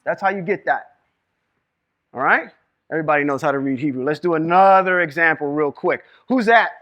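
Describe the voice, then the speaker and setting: A man teaching Hebrew reading and scripture to a live group, lively and quizzing the room with questions. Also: on the high side, brisk, lo-fi sound. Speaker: Bible teacher. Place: room with a small live audience.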